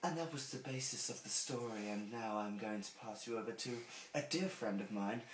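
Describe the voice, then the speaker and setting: A man doing a rambling, absurd mock story reading, swinging from muttering to loud outbursts. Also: fairly low pitch, a little fast. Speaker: comic storyteller. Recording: echoey room with faint noise.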